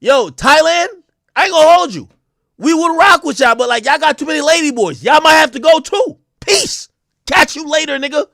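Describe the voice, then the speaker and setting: A man hosting a livestream, riffing casually in a loose, profane way with sudden loud outbursts. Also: very high voice, lively intonation, normal speed, vocal fry, no room sound, studio quality. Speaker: livestream host.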